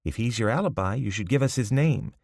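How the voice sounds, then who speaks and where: A man's voice: mid-range voice, lively intonation, fairly quick, creaky, darkish tone, no echo, clean studio sound, voice pushed up. A man voicing a blunt, impatient female police detective in an audiobook, questioning firmly. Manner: firm, clipped questioning. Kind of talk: audiobook character voice.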